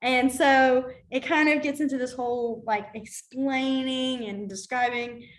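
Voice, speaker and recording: A woman with a high voice teaches a casual sign language class at a measured pace. She is chatty and animated, using lots of fillers as she demonstrates signs and tells stories.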